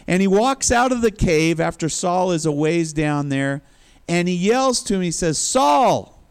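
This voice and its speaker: A man's voice: high voice, expressive, unhurried, clean tone. A man preaching a sermon, retelling a story with chuckling asides and acted-out quotes. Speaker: pastor.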